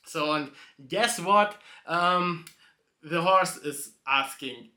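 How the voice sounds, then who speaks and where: High bright-voiced guy rambling through a joke, lots of um and restarts. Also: extremely slow, echoey room. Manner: hesitant, self-correcting, many fillers and restarts. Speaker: video host telling a joke.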